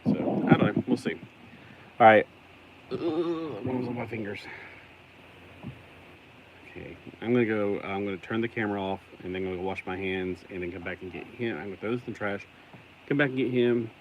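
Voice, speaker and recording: A man's voice: on the low side, fast, lo-fi sound, slight background noise. A man talking casually on camera while cleaning a secondhand toy, rambling and self-deprecating, often grossed out. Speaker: toy collector vlogger. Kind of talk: casual unboxing vlog.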